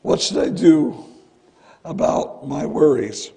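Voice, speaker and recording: A man's voice: fairly high pitch, slow pace, gravelly, dark tone. A male pastor preaching a sermon in a church, earnest and conversational, often breaking in with "listen.". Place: church sanctuary.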